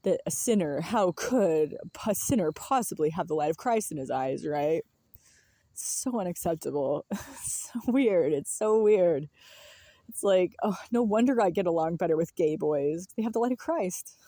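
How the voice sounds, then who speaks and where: A young woman talks on her own in a loose, rambling way, stopping to laugh and drifting from thought to thought. Her voice sits a bit low and has a mellow, husky grain. She sounds unhurried and casual throughout. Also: expressive, no room sound, studio quality. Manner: musing, laughs often, trails off. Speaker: vlogger.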